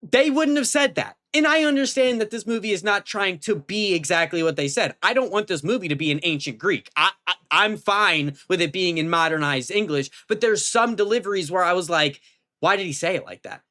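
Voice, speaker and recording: Excitable young man rambling a movie review. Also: fairly quick. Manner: rambling, full of fillers and restarts, swears casually; pitch jumps up when emphatic. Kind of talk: casual movie review vlog.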